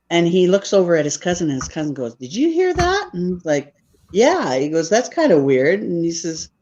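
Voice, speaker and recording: A woman's voice: low voice, darkish tone. A woman, a podcast guest telling a story in a casual, rambling way and often checking in with "right?". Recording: dull lo-fi recording.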